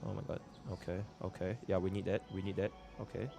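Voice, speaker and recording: A man's voice: low voice, little pitch movement, quick pace, gravelly. A young man from Singapore streaming live, chatting casually and muttering to himself as he works through menus. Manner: chatty, repeats filler phrases, mutters to himself.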